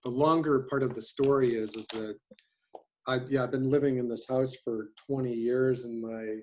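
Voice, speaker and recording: A man's voice: mid-range voice, fairly even intonation, a little mellow. Man, fifties, animation teacher, casual, rambling with fillers, video call mic. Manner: rambling, halting, many fillers.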